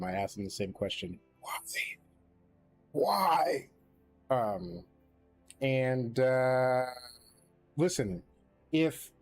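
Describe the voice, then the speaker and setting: A man's voice: medium pitch, darkish tone. A man chatting casually as host, rambling with wry, hesitant asides. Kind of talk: casual chat.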